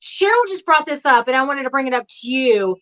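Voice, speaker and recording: A woman's voice: sits high, expressive, fairly quick, fairly bright tone. A woman talking casually as a guest on a home livestream, rambling and laughing often over a video call. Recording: dull lo-fi stream audio.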